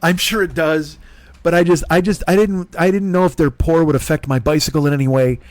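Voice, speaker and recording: A man hosting a comedy podcast, telling a rambling, self-deprecating story full of swearing and quick voices for the people in it. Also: fairly high pitch, no room sound. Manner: profane, self-deprecating, jumps into voices of others in his stories.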